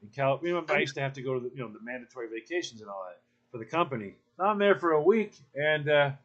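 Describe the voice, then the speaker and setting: A man co-hosting a comedic chat, telling animated stories with stammers and acted-out voices. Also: medium pitch, very fast, muffled recording. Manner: animated storytelling, stammers and acts out people. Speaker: co-host.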